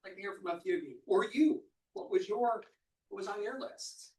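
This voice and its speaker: Upbeat male team leader, high voice, echoey and distant. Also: lively intonation, mellow. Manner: upbeat, quick praise, repeats himself. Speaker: real estate team leader running a meeting. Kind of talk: group meeting, leading a sharing round. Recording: echoey room, mic far off.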